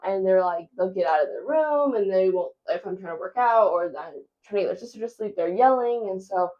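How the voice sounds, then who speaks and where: A woman's voice: mid-range voice, muffled recording. A woman vlogging casually as a busy mom, chatty and rambling with a self-deprecating streak. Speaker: vlogger and stay-at-home mom. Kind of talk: casual vlog chat.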